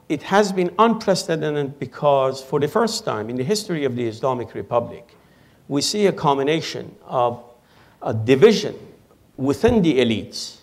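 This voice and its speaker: A man, an Iran expert answering on a panel in a lecture hall in a measured, lecturing way. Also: medium pitch. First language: Persian. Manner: measured, lecturing, dry humor. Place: auditorium with audience.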